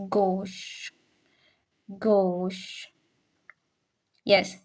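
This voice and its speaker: Woman language teacher, middle pitch, very slow and patient delivery, drills pronunciation by repetition, switches between English, French and some Swahili. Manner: patient, repeats each word slowly to drill pronunciation. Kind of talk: live online language class.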